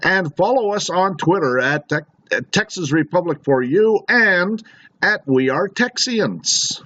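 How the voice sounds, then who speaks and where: Regular on a call-in show, a slightly high-voiced man reading announcements, dull lo-fi phone sound. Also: lively intonation, unhurried, pushed and bright. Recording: dull lo-fi conference call line.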